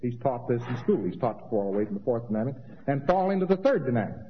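A man's voice: mid-range voice, sing-song, fast talker, a little hiss or hum. Rambling man lecturing in a hall. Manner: rambling, conversational, mocking asides and chanted impressions. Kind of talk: informal lecture to an audience. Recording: dull lo-fi old recording in a reverberant hall.

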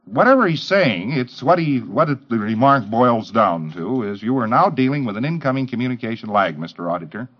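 Lively, emphatic man lecturing on old tape. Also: medium pitch, a little fast, hardly any pauses, dull audio. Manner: emphatic, rhetorical questions, mimicking others. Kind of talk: lecture to trainee auditors.

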